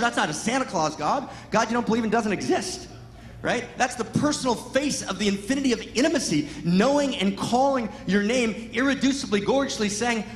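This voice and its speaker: A man giving an impassioned spiritual talk at a Sunday service, emphatic, constantly asking "right?" and swinging between loud exclaims and hushed, intimate lines. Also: very high-pitched, slight background noise. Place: large hall at a live Sunday service. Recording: echoey hall with long reverb.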